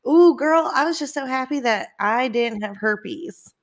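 A woman's voice: a little high, measured pace, a bit bright. A woman in her twenties telling candid personal stories in casual chat, swearing freely and acting out the people she quotes. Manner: candid, swearing, laughing, acts out quoted dialogue.

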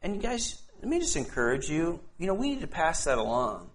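A pastor preaches a sermon and reads scripture aloud earnestly, often stammering and restarting his words. His voice is a little high with huge pitch swings and a slightly fast pace, with slight background noise.

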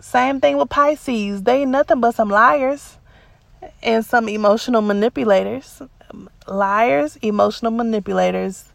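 Woman, podcast host, casual chat to listeners, animated, gravelly fry, dry close sound. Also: a little high, unhurried, dry recording. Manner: chatty, animated, acts out her own replies in quotes.

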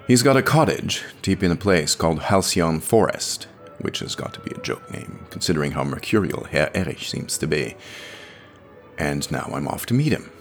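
A wry, very deep-voiced young dream traveler. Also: male voice, animated, moderate pace, creaky, faint music behind, full character voice. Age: young adult. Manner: wry, conversational storytelling. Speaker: narrator. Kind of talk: audio drama monologue narration.

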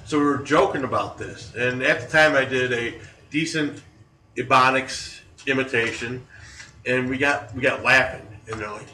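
A man in his forties hosting a podcast, telling stories in a casual, animated way and laughing along, recorded in a roomy space from a distant mic. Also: medium pitch, normal speed. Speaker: podcast host. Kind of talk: casual storytelling.

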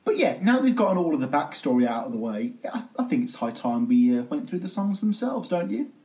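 A man's voice: a little high, very animated, a little fast, dark tone. A man co-hosting a music podcast, chatting casually with wry joking asides. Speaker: podcast co-host.

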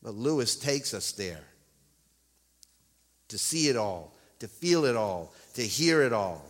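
A man's voice: medium pitch, very animated, slow pace, big-room sound. A man preaching a sermon in a church, telling a story dramatically and stressing key words.

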